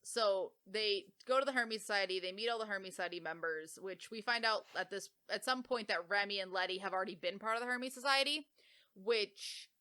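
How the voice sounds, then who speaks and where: A woman co-hosting a podcast, casually retelling a book's plot with lots of "like" fillers and quick self-corrections. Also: medium pitch, pushed and bright, smooth. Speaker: podcast co-host. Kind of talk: casual book summary.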